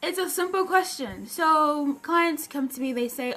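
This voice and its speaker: A woman with a high voice hosts her own livestream as a personal development coach. Her talk is upbeat and chatty, and she breaks off often to greet viewers by name before she picks up her point again. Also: unhurried, hardly any pauses. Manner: upbeat, greets viewers mid-sentence, bursts of excitement. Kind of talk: live-stream chat greeting viewers.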